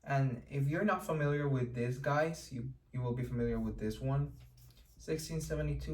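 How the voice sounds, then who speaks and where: A man's voice: mid-range voice, normal speed, a little hiss or hum. A man hosting a casual explanatory history lesson, chatty and digressive, who breaks off for joking asides and corrects himself as he goes. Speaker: history lecturer and channel host.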